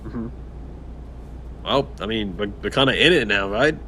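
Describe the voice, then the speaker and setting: A man's voice: fairly low pitch, normal speed, bright, forceful tone, a little hiss or hum. A man co-hosting a casual gameplay livestream, chatting, laughing often and reading out viewer comments. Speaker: stream co-host.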